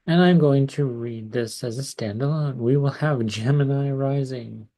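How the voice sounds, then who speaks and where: A man working as an astrologer, talking slowly and hesitantly with many pauses and fillers as he shares charts on a live stream. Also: medium pitch, dark tone. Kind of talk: slow casual live-stream talk. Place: home in California.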